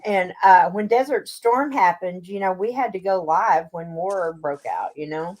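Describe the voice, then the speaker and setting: A woman's voice: fairly low pitch, measured pace, a little mellow, poor audio. A chatty woman from Texas with a Southern drawl, co-hosting a casual talk show and laughing often as she tells stories. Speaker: podcast co-host. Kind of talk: casual chat.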